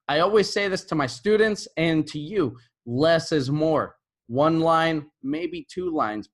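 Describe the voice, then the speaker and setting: A man who is an English teacher, giving teaching tips to camera in a relaxed, conversational way and often checking in with "right?". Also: a little high. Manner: models intonation by repeating example phrases.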